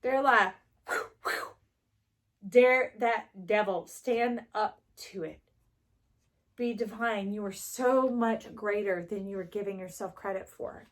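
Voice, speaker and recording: A woman casually giving a spiritual tarot reading to her viewers, chatty and upbeat, now and then jumping into excited high bursts. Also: a little slow. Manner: animated, spiritual, chatty, jumps into excited highs. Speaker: tarot reader.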